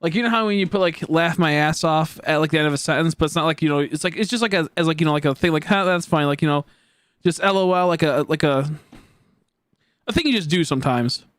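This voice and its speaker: A man's voice: on the high side, quick pace, fairly bright tone, smooth, no room sound. A young man chatting casually with his livestream viewers, rambling with a stream of "like" and "you know" and chuckling often. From United States. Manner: chuckles often between remarks. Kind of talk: casual chat with live viewers.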